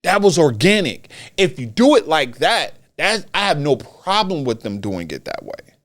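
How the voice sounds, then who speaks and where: A man hosting a solo wrestling commentary podcast, talking in an animated way and repeating phrases for emphasis. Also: on the high side, moderate pace. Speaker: podcast host.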